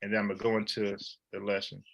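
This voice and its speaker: A man's voice: fairly low pitch, completely flat delivery, racing, creaky, a bit bright. A man leading an informal Bible study, talking in an emphatic, slangy, conversational way.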